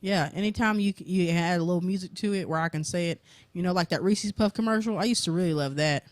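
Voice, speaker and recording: A co-host in a casual chat show, talking in an expressive, bubbly way. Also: mid-range voice, fast talker, no echo.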